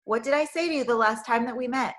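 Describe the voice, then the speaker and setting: A kind, cheerful male shepherd, gentle yet strong, speaking with easy confidence, as a woman reading a storybook puts him on. His tone stays bright and reassuring. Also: fairly high pitch, fast, close to an everyday voice.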